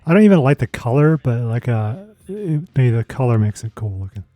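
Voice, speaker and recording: A man's voice: mid-range voice, big pitch swings, a little fast, warm tone, no echo. An American man co-hosting a podcast, chatting casually in a rambling, questioning way with many restarts. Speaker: podcast co-host. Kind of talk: casual banter.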